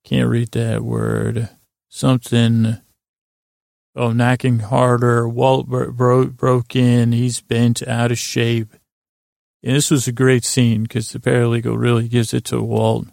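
A man's voice: medium pitch, takes it slowly, vocal fry, no echo, studio quality. A man hosting a podcast, casually recapping a TV episode in a rambling way and quoting the characters without much change in his voice. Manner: rambling, quotes characters in a flat voice. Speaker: podcast host.

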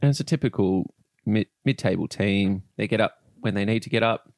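A man's voice: on the low side, brisk, a little mellow, no echo, studio quality. A man co-hosting a casual football podcast, blunt and bantering, with some swearing. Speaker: podcast co-host.

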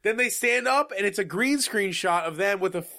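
High, lively joking man. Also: normal speed. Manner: animated, joking, profane. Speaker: podcast co-host. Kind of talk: casual chat recapping a movie.

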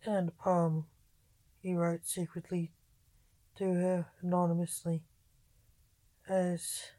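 A woman reading a story aloud in an unhurried way, taking on the characters' lines as she goes. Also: fairly low pitch, mellow, no echo, low-quality recording. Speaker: narrator.

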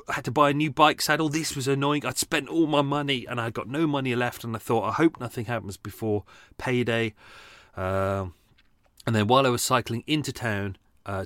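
A man's voice: medium pitch, fairly bright tone, no echo, studio quality. A man hosting a podcast, chatting casually with sweary, self-mocking asides. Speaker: podcast host. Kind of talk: casual chat.

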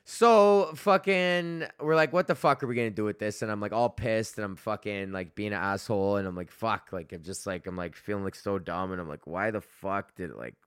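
A man's voice: on the low side, fairly quick, hardly any pauses, fairly bright tone, smooth, no room sound, clean studio sound. A young man hosting a podcast, telling a rambling, profane story full of fillers and laughing at himself. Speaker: podcast host. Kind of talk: casual storytelling rant.

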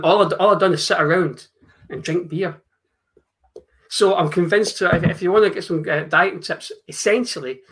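A Scottish man with a bright, sharp-edged and slightly high voice co-hosts a casual live podcast. He rambles, repeats words as he talks, and drops the odd swear word into his jokey stories. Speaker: podcast co-host.

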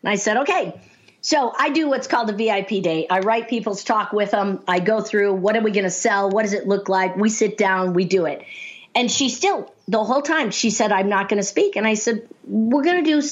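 A woman speaking coach telling stories in casual talk, lively and laughing often as she acts out the voices she quotes. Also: mid-range voice, normal speed. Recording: dull lo-fi sound.

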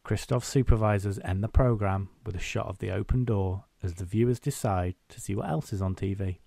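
A man's voice: lowish voice, brisk, vocal fry, mellow, no room sound. A man co-hosting a podcast, recapping a film's plot in casual chat and acting out scenes in quoted voices. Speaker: podcast co-host.

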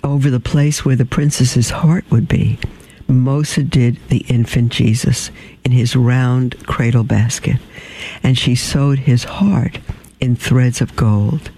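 Male storybook reader, dark mellow tone, creaky and gravelly, measured delivery. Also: mid-range voice, steady tone, rough recording. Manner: measured, unhurried reading with small slips and throat clearing. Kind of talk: reading a storybook aloud.

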